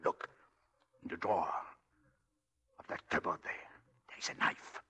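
An actor playing a desperate, scheming husband in a 1940s radio drama, with a pleading, urgent delivery. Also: male voice, moderate pace, bright, forceful tone, natural voice. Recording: old radio drama broadcast.

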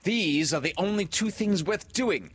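A man voicing an eager, earnest young boy in a storybook reading, asking quick, breathless questions. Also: high-pitched, lively intonation, a bit bright, slightly rough, pitched above the performer's own voice, full character voice. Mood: grumbling.

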